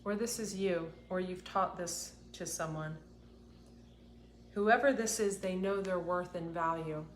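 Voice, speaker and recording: A woman giving an intuitive card reading, speaking softly and earnestly while on the edge of tears. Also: lowish voice, measured pace, roomy sound, slight background noise. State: tearful, close to crying. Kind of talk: tarot-style card reading to camera.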